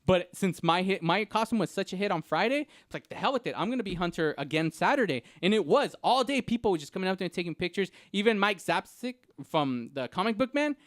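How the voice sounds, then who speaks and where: A man co-hosting a podcast in casual chat, telling stories in an excitable, rambling way. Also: sits high, fairly quick, hardly any pauses, dry recording, clean studio sound. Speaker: podcast co-host.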